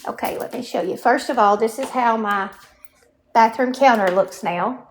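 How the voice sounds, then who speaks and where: A woman's voice: on the high side, normal speed, a little hiss or hum. A woman giving a casual show-and-tell of her home furnishings, chatty and often checking in with the viewer. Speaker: home vlogger. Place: indoors at home.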